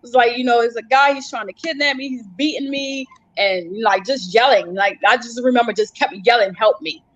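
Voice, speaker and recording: Her voice is fairly high and a bit bright, and she talks fairly quickly. As a guest survivor on a live panel, she relives her experience vividly, even acting out her cries for help, over dull lo-fi livestream audio.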